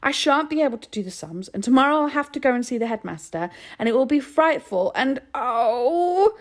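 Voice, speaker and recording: A woman's voice: medium pitch, expressive, normal speed, dark tone, pitched above the performer's own voice. A woman voicing a scared, anxious younger boy who pleads as if close to tears in a storybook reading.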